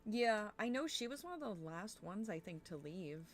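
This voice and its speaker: A woman's voice: medium pitch, very animated, moderate pace. A young woman streamer chatting casually while playing a game, thinking aloud and swearing now and then. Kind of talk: casual gameplay chat.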